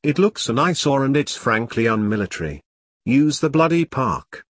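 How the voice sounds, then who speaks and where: A man's voice: medium pitch, big pitch swings, normal speed, breathy edge, dry recording, clean studio sound. A man voicing an impatient British army major giving his troops curt orders. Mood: commanding. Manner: curt, commanding briefing tone. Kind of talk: audiobook character reading.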